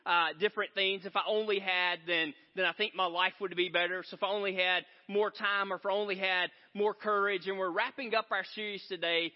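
A man's voice: high voice, a little fast, hardly any pauses. A man preaching a sermon in a large church, telling stories in a conversational, joking way. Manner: conversational storytelling, animated and joking. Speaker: pastor. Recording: reverberant hall, dull sound.

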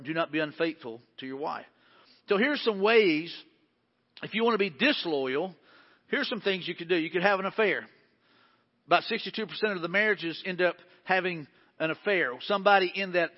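A man preaching a sermon as pastor, talking in a conversational way, repeating key phrases and acting out quoted asides. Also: sits high. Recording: dull sound with long hall reverb.

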